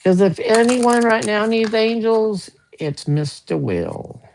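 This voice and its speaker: A man giving a casual live tarot reading, gentle with folksy joking asides. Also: high-pitched, animated, takes it slowly, creaky, slight background noise. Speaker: tarot card reader.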